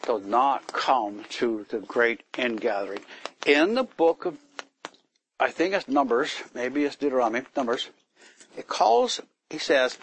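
Animated man teaching from the Bible. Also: mid-range voice, a little slow, slight background noise, rough recording. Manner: animated, acts out complaints in a raised voice; conversational, asks the listeners questions. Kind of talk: informal sermon.

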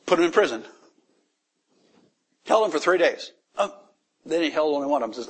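A man's voice: fairly high pitch, moderate pace, long pauses, husky. A man teaching a Bible passage in a casual sermon, asking the listeners questions, acting out the characters' lines and laughing often. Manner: animated, asks the audience questions, acts out quoted lines, laughs often.

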